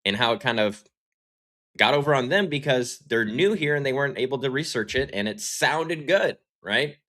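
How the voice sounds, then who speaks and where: A man's voice: mid-range voice, expressive, normal speed, sharp tone. A man co-hosting a political talk show, chatting in a loose way and often ending his points with "right?". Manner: conversational, with tag questions and fillers. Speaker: co-host. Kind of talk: political commentary.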